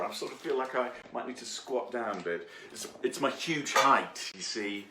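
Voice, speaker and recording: A man's voice: mid-range voice, normal speed, very noisy. A man giving a rambling, jokey cooking demonstration in his home kitchen, with lots of fillers. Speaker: home baker. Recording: echoey room.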